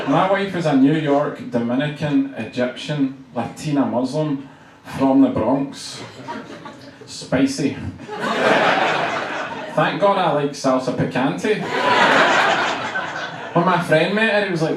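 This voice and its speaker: A young man with a Glaswegian Scottish accent, performing a quick, punchy stand-up routine on a club stage. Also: mid-range voice. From Scotland. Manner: quick, punchy delivery with comic voices. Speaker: stand-up comedian. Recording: roomy club sound from far off, audience noise.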